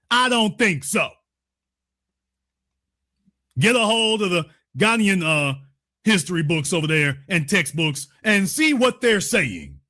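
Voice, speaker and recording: A man giving heated, sarcastic news commentary that at times rises to shouting. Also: high-pitched.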